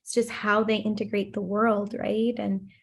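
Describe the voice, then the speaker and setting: A woman's voice: mid-range voice, moderate pace, creaky, breathy edge. A woman in her thirties, a play therapist, telling a personal story in a podcast interview, acting out the voices she quotes. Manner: animated storytelling, acts out quotes.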